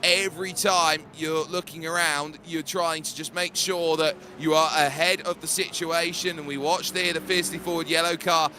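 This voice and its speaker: Bright, high-voiced racing commentator man. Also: slight background noise. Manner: energetic, rapid-fire calling of the action. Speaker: lead race commentator. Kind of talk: play-by-play commentary.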